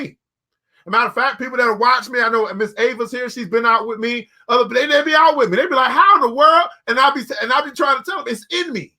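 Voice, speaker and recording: A man hosting a motivational talk, preaching in an emphatic, repetitive way and now and then shouting. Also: extremely high pitch. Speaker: motivational show host.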